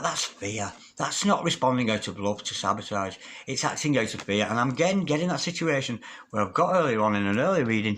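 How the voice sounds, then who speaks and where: A man's voice: mid-range voice, a bit bright. A man giving a tarot reading to camera, speaking intimately and calling the listener darling. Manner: intimate, calls the listener darling, dramatic asides. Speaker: tarot reader.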